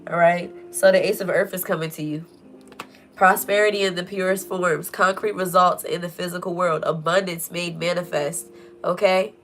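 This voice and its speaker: A woman's voice: fairly low pitch, gravelly, fairly bright tone. A woman giving a casual spiritual tarot reading, earnest and preachy, repeating phrases for emphasis. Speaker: tarot reader.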